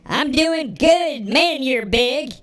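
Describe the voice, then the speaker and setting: A man doing a put-on voice of a slow-talking, high-voiced man who sounds impressed. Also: expressive, fairly bright tone, exaggerated voice. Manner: slow drawn-out delivery.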